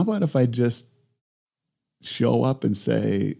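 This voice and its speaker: A middle-aged man, a guest in a remote interview, telling stories in a lively conversational way and acting out both sides of his conversations. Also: mid-range voice, takes it slowly, creaky, slightly rough. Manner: animated storyteller who acts out both sides of conversations. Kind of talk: reflective conversational storytelling.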